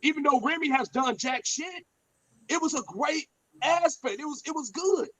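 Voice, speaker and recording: A man's voice: extremely high pitch, moderate pace, crowd noise, poor audio. A man, telling stories bluntly and profanely in a casual podcast chat. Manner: blunt, profane, animated storyteller.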